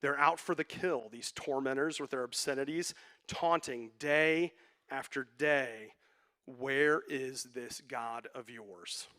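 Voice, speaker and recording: A man preaching a sermon as pastor, conversational and joking, with quick asides. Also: medium pitch, pushed and bright.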